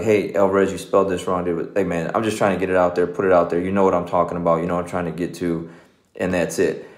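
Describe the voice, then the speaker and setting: A man in his forties, a jiu-jitsu coach, giving a loose and conversational motivational talk with plenty of "man" and "you know.". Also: low-pitched. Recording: echoey room.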